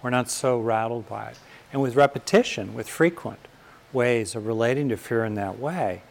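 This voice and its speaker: An older American man from California giving a thoughtful, reflective talk on fear and courage, pausing often and rising in emphasis on key points. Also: medium pitch, creaky.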